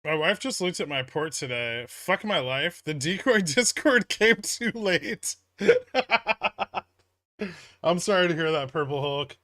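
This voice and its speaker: A man hosting a casual stock-market livestream, reading viewer chat aloud and answering in a relaxed, rambling way. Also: a little high, unhurried, no echo.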